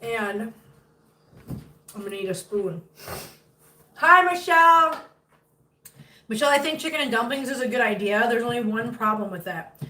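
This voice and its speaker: A chatty woman in her fifties talks casually to her livestream viewers, her voice a little high. She sits back from the mic, so the room rings around her and a faint hiss lies underneath. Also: moderate pace, a bit bright. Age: 50s. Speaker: livestream host. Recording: roomy, picked up from a distance, faint noise.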